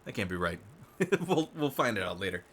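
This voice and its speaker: A man's voice: low-pitched, sing-song, brisk, fairly bright tone. A man hosting live political commentary, reading news aloud and breaking in with rambling, swearing asides and frequent laughs. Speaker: show host.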